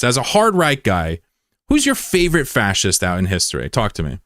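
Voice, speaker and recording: A man's voice: mid-range voice, huge pitch swings, fairly quick, fairly bright tone, no room sound, clean studio sound. A man from the United States, a livestreamer in casual chat, taunting and combative with a viewer and swearing freely.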